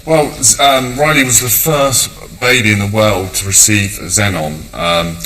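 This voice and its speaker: Brief: nervous father guest, low bright voice, faint room noise. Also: unhurried, low-quality recording. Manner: hesitant, many um fillers. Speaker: parent guest. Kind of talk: on-stage interview answers.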